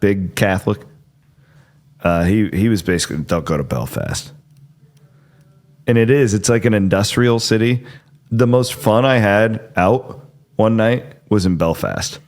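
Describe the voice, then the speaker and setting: Low-voiced rambling man hosting a podcast. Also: moderate pace, darkish tone. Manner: rambling, filler-heavy, self-interrupting. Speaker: podcast host. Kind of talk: casual chat and storytelling.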